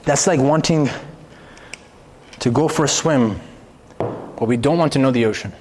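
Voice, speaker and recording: A man giving a live motivational talk to an audience, animated and expressive, firing off rhetorical questions with the occasional swear word. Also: medium pitch, unhurried, a little hiss or hum. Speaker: motivational speaker. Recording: reverberant hall.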